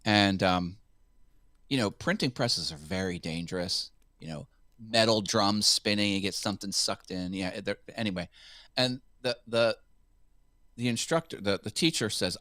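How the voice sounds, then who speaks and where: A man's voice: on the low side, moderate pace, dry recording, studio quality. A man co-hosting a casual online chat show, telling stories animatedly and acting out the dialogue. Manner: animated storyteller, acts out dialogue with laughs. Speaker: co-host.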